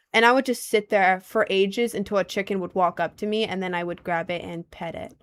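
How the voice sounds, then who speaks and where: A young woman with a low voice, chatting casually on a livestream and reading out comments, playful and giggly. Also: fairly even intonation, a little fast, few pauses, fairly bright tone. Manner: playful and giggly, with sudden squeaky bursts.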